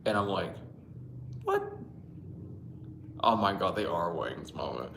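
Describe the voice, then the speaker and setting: Man, lowish voice, rambling dream story, profane, roomy echo, faint hum. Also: animated, normal speed, gravelly, fairly bright tone. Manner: rambling, profane, laughs often, greets viewers. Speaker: livestream host reading dreams. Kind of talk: casual livestream dream storytelling. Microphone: Bluetooth mic.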